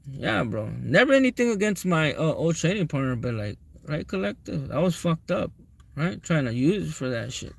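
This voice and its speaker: A man's voice: a little high, gravelly, fairly bright tone, no room sound. Brief: young male tarot vlogger, raised voice, very dry sound, loose cursing storyteller. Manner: rambling, profane, keeps asking viewers "right?". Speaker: tarot reader. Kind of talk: casual storytelling vlog to viewers.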